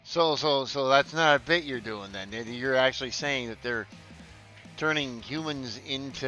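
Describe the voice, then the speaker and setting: A man streaming casually, chatty and quick to laugh, swearing freely and stumbling as he reads news and chat aloud. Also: medium pitch, bright, forceful tone, highs cut off, soft background music.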